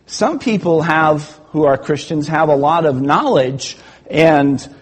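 Male preacher, high husky voice, slow measured sermon delivery, storyteller. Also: animated. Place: church.

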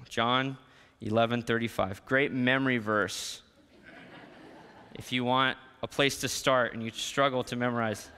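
Expressive male pastor in a hall. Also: fairly high pitch, clean tone. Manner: expressive, shifts between quiet and emphatic. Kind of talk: sermon. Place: church sanctuary.

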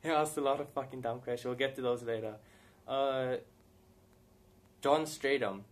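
A man talks straight to camera, answering viewer questions in a loose, rambling way. His voice sits at an ordinary middle pitch, and he swears freely and laughs between thoughts. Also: steady tone, normal speed, long pauses, slight background noise. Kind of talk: casual Q&A chat to camera.

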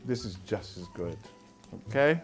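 A man's voice: lowish voice, animated, unhurried, soft background music. A middle-aged man hosting a cooking show, talking casually and playfully, humming and chuckling as he cooks. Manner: chatty and playful, hums and chuckles while cooking.

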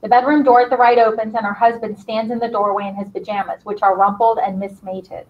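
A woman teacher leading her class and reading a play's stage directions aloud in a brisk, encouraging way. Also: a little high, fairly even intonation. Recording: slightly dull lo-fi sound.

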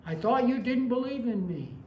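A preacher voicing God as a calm, gentle voice from above that speaks slowly, in an echoey room. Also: mid-range voice, natural voice. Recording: echoey room with faint ambience.

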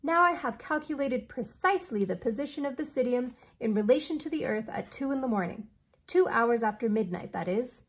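A woman reading aloud as an eccentric male inventor who speaks in a formal, old-fashioned, deliberate way. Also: on the high side, expressive, slightly rough.

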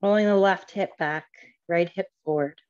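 A woman's voice: on the low side, moderate pace, a little mellow. A woman yoga teacher cueing poses step by step in a live class, a little out of breath and laughing at her own slips. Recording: slightly dull lo-fi audio.

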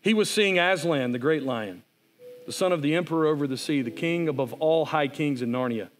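Male pastor, sermon voice, earnest and conversational, pitch a touch higher than usual. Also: a little fast.

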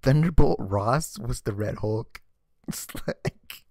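A man's voice: mid-range voice, animated, slow pace, darkish tone, no room sound, studio quality. A man ranting sarcastically in a casual vlog commentary, exasperated and often stammering and repeating words. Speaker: vlogger. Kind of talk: ranting comic book commentary.

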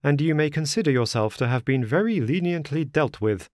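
A man voicing a stern gentleman dismissing his butler, in an audiobook story. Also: a little high, animated, a little fast, no echo, studio quality, voice pushed up, natural voice. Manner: stern, clipped. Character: stern gentleman master of the house.

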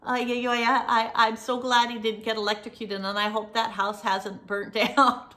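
A woman's voice: on the high side, flat delivery, moderate pace, bright, forceful tone. Middle-aged woman host, cozy rambling storyteller, slips into a whisper for suspense. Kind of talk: casual chat, storytelling.

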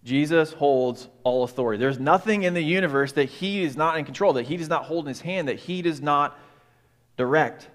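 A man preaching a sermon as pastor, in a casual, animated way, often saying "like" and "right?". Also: a little high, brisk. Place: church.

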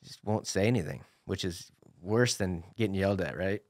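A man in his forties tells stories at an easy pace, with a low, unhurried voice. He drifts through sentences with "you know" and casual swearing. The sound is close and dry, with no room around it. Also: darkish tone, no echo. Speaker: podcast guest, former racer. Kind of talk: casual storytelling chat.

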